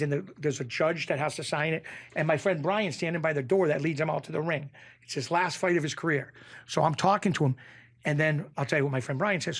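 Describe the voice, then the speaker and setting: A man from Springfield, Massachusetts telling a story as a podcast guest. His voice sits a little high, and he acts out the other people's lines. He gets excitable as the tale builds. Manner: excitable, acts out quotes, jumps pitch when excited. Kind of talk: animated storytelling in a podcast interview.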